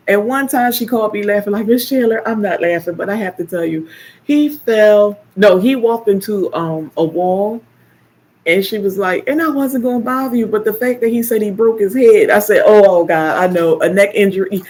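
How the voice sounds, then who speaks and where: An older woman hosting a casual live stream, chatting and telling animated stories with playful teasing. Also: mid-range voice. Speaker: live stream host, caregiver. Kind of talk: casual chat.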